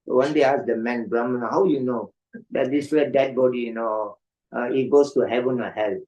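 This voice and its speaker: Older guy monk telling stories at evening class, animated, acts out the voices, keeps saying you know. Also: mid-range voice, brisk, muffled recording. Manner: animated storyteller, acts out voices, laughs often, many "you know" fillers. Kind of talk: storytelling sermon.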